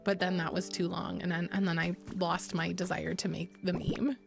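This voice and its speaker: A woman's voice: fairly low pitch, flat delivery, moderate pace. A woman chatting casually to her viewers while streaming a game, giggly and rambling with many restarts. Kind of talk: casual gaming stream chat. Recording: clear game music underneath. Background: game music.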